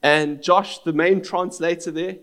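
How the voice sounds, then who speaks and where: A man's voice: a little high, steady tone, measured pace, fairly bright tone. A man, preaching a sermon as pastor in an earnest, storytelling manner.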